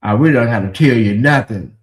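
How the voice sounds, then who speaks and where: A man voicing a stern, dismissive older church bishop with a flat, defiant drawl. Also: medium pitch, a little fast, pitched below the performer's own voice, close to an everyday voice.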